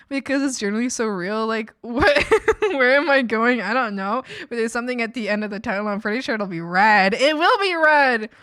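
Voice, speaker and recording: A woman's voice: on the high side, lively intonation, moderate pace, fairly bright tone, dry recording, clean studio sound. A young woman streamer telling rambling stories about her coworkers in casual chat, giggling often and quoting people in her own voice.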